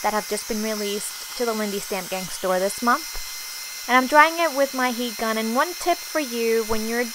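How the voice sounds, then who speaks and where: A woman's voice: a little high, moderate pace, noisy background. A woman hosting a crafting tutorial, talking through each step in an easygoing voice-over with frequent ums.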